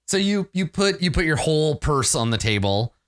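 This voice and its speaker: Animated man narrating a tabletop game. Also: a little high, moderate pace, no echo, clean studio sound. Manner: animated, laughs often, loose fillers. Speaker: game master.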